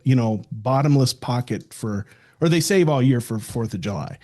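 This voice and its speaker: A man's voice: medium pitch, lively intonation, moderate pace, warm tone. An older man co-hosting a podcast in casual chat, joking and telling stories at length. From South Dakota, United States. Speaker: podcast co-host.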